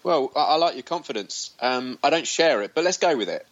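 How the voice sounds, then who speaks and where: A man's voice: mid-range voice, lively intonation, brisk, highs cut off. A man co-hosting a podcast from his hotel room, chatty and joking, with lots of ums. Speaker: podcast co-host. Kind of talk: casual chat.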